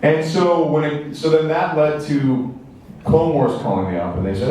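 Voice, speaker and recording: A man answering fan questions at a convention, telling lively anecdotes and acting out quotes. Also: medium pitch, moderate pace, recorded from a distance. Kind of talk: animated storytelling to an audience. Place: large convention hall. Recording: echoey convention hall from afar.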